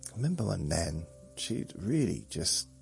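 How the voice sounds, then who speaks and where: A man's voice: low-pitched, very animated, normal speed, creaky, soft background music. A man hosting a sleep podcast, meandering through a rambling monologue and chuckling at himself. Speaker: podcast host.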